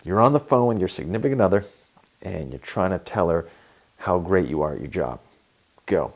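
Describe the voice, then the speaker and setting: Guy doing a no-nonsense audition director calling out scenes, low voice. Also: expressive. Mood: directing. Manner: brisk, giving instructions. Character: male audition director, brisk and in charge.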